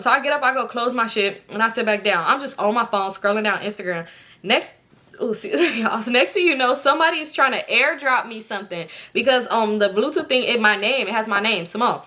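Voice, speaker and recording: A young woman storytime vlogger tells her viewers a personal story in a bright, forceful, slightly high voice. Her animated delivery is full of loose slang and lots of swearing, and she slips into the voices of the people she quotes.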